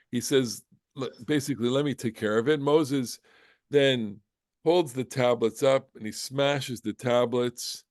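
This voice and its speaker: A man teaching an informal Bible class, animated and explanatory, rising into emphatic bursts. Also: mid-range voice, no room sound, studio quality. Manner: explanatory, with many restarts and "okay?". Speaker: Torah teacher.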